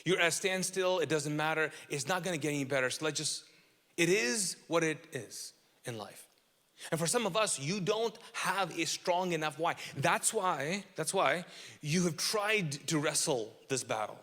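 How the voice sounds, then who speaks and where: A man's voice: a little high, expressive, moderate pace, pushed and bright, big-room sound. A man preaching a sermon as pastor, emphatic and repetitive, asking the audience questions.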